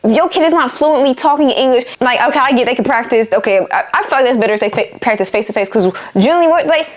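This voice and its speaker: A young woman telling casual storytime rants about old jobs, animated and exasperated, full of slang. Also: high voice, fast, a little hiss or hum. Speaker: vlogger.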